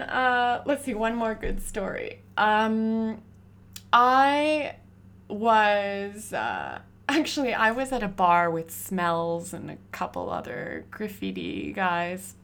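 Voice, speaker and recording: Low, gravelly woman telling stories. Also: slight background noise. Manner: animated, laughing storyteller. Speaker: graffiti artist, interviewee. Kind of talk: casual interview storytelling.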